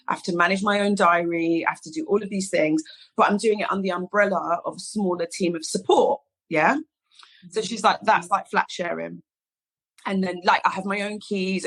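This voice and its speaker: A woman's voice: medium pitch, fairly bright tone, low-quality recording. A woman in her thirties with a London accent, a salon founder telling stories in a casual interview and acting out the people she quotes. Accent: London English. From England. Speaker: guest, hairdresser and salon founder.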